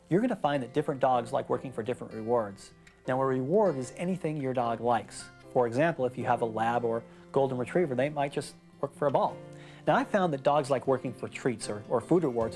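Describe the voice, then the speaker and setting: A man's voice: mid-range voice, darkish tone. A middle-aged man working as a dog trainer, explaining steps patiently and repeating words for emphasis in an instructional demonstration outdoors.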